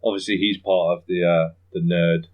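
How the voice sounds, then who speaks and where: Rambling, chuckling podcast host, deep-ish. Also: male voice, flat delivery, narrow, tinny audio. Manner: rambling, chuckles a lot, does quick impressions. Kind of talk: casual chat.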